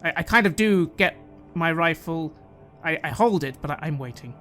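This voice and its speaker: Soft stammering tabletop player. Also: medium pitch, lively intonation, moderate pace, faint music behind. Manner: hesitant, stammering, soft-spoken. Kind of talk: playing a character in a tabletop game.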